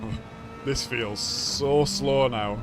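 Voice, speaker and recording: A man's voice: medium pitch, takes it slowly, background noise. A man from Yorkshire with a Yorkshire accent, chatting casually with his viewers while commentating his own live racing gameplay. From Yorkshire, England. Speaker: streamer.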